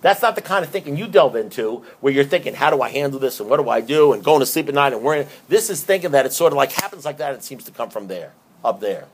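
A man's voice: medium pitch, lively intonation, fast, few pauses, a little hiss or hum. A man giving an emphatic, conversational recovery talk who often repeats himself. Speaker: recovery speaker.

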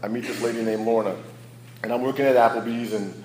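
A man's voice: medium pitch, steady tone, fast, a little mellow, roomy sound, slight background noise, low-quality recording. A man sharing his personal recovery story as a candid, storytelling speaker who laughs at his own past. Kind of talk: personal testimony talk.

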